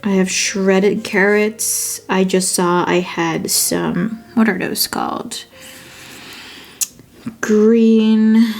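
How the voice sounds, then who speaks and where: Woman, Dutch accent, native Dutch speaker, vlogger, unhurried casual chat, thinks aloud, faint music behind. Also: medium pitch, vocal fry, a little mellow. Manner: chatty, thinks aloud, corrects herself. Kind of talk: casual chat while journaling.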